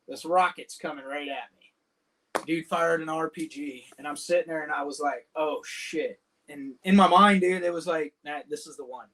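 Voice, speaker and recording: A man's voice: on the high side, moderate pace, fairly bright tone. A man and combat veteran, a podcast guest casually telling a war story in vivid, profane detail, full of "dude" and "man".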